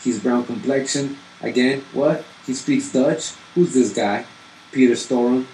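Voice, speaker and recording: A man's voice: mid-range voice, measured pace, a little mellow. Man, talk-show host type, reads lists and pushes the audience with questions; echoey room, faint AC hum. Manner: challenging, rhetorical questions to viewers. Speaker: genealogy video host. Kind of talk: reading records aloud with commentary.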